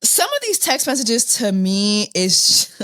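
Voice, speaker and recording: A woman in her thirties hosts a casual commentary podcast, voice swooping up and down as she reacts in disbelief. She talks at an unhurried, drawn-out pace, often laughing and repeating herself. The sound is dry and close. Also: medium pitch, very animated, a bit bright, no echo. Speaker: podcast host.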